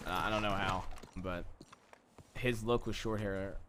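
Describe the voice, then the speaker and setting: A man with a fairly low voice streams a role-play game, talking in character and half-reaching for a Southern drawl. Game noise with hoofbeats runs clearly behind him. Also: steady tone, a little slow.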